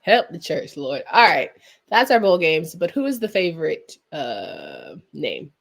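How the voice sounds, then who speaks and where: A woman co-hosting a sports podcast in casual chat, lively and wrapping up the episode. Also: deep voice, a little slow, creaky. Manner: lively, wraps up the show. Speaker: podcast co-host.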